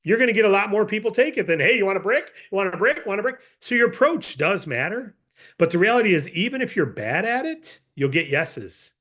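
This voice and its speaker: A man training a sales team, talking with energy and acting out scenarios. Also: on the high side. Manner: animated, acts out sales scenarios. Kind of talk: motivational sales talk.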